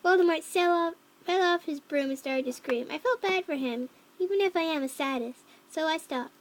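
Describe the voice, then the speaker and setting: A woman voicing a young cat-girl troll who reads a fanfic aloud, with flat narration, mocking asides and yelled quotes. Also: high-pitched, moderate pace, lightly acted. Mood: deadpan reading. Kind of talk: fan reading of a story.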